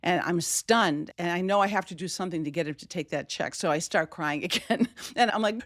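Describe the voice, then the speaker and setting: Animated woman telling a personal story. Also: lowish voice, a little fast, no room sound, studio quality. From Wisconsin, USA. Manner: animated, acts out quoted voices.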